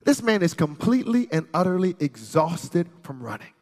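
A man preaching an animated storytelling sermon, with playful asides, who builds up to shouting. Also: high voice, moderate pace, hardly any pauses, in a large hall.

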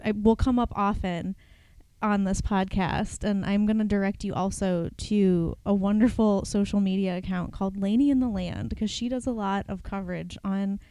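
A woman's voice: medium pitch, fairly even intonation, moderate pace, warm tone, clear, resonant tone, dry recording. A woman from Ohio co-hosting a podcast, telling playful stories and wandering off on tangents. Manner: playful, tangent-prone storyteller. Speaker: podcast co-host. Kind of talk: casual podcast chat.

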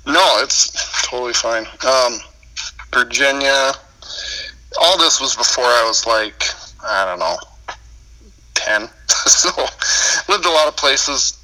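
Laid-back dude with a minnesota accent, super bright voice, laughs a lot while telling his story. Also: medium pitch, expressive, takes it slowly, long pauses, rough recording. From United States. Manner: easygoing storyteller who laughs often. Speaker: guest. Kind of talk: casual chat.

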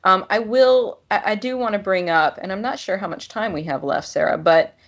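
A woman author reading her novel aloud and then chatting about it, animated and laughing, with many fillers. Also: medium pitch, moderate pace, muffled recording.

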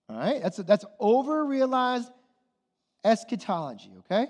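This sermon comes from a man whose voice sits high, a little mellow and animated, at an ordinary pace. As pastor he peppers the congregation with questions, tagging on "okay?" and "right?", while the church hall rings with long reverb.

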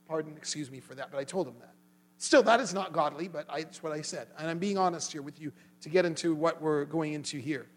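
A man with a high, light voice preaches an earnest sermon built on his own story. He grows animated as he relives a quarrel, and a low mains hum runs underneath. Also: fairly quick, low-quality recording. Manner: earnest, animated when retelling arguments. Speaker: lay preacher. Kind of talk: sermon with personal testimony.

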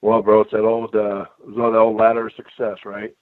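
An older man telling stories in a casual chat, animated, often calling the listener bro and man. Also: on the low side, moderate pace, no echo. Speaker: guest. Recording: dry tinny phone-like line.

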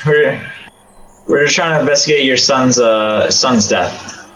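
A man's voice: mid-range voice, a little slow, fairly bright tone, poor audio. Blunt man playing a tabletop game. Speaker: player. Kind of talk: casual tabletop chat.

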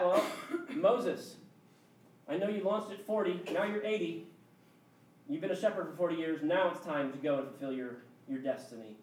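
A pastor delivering a sermon and acting out dialogue with God in voices, at times loud and exclaiming, at times hushed. The voice is picked up from far off and rings through a roomy hall. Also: medium pitch, normal speed.

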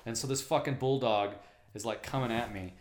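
A man's voice: medium pitch, a little fast. Profane storytelling man in echoey room. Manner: profane, animated storyteller, acts out voices. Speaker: mail carrier. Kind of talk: casual storytelling chat.

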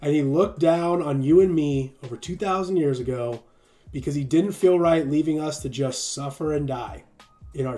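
A man's voice: a little high, dark tone. A man giving an earnest sermon on a livestream and often checking in with the listener by asking "right?". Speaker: streaming preacher.

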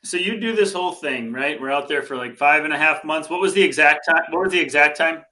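A man's voice: fairly high pitch, fast, pushed and bright. A man hosting a podcast, asking his guest curious questions. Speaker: podcast host. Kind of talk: interview questions.

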